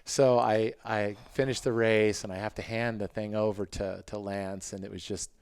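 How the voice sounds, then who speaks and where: A middle-aged man, a former motocross racer, telling racing stories on a podcast in a casual, animated way and acting out his own past thoughts in quick quoted lines. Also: on the low side, vocal fry, clean tone. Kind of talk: casual storytelling.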